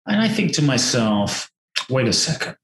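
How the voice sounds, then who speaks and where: A man telling a personal story in conversation, animated and acting out his own thoughts. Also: mid-range voice, moderate pace, roomy sound, poor audio. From from outside the US. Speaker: podcast guest, personal development teacher.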